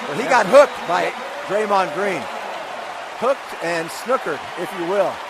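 A man's voice: high-pitched, animated, a little slow, gravelly, heavy background noise. A man giving live basketball color commentary with folksy, analytical remarks to his broadcast partner. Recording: broadcast with arena crowd behind. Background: arena crowd.

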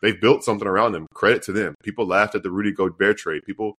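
Deep-voiced man co-hosting a sports podcast. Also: steady tone, fast, a bit bright. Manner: chatty, playful quizzing. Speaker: podcast co-host. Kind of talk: casual sports chat.

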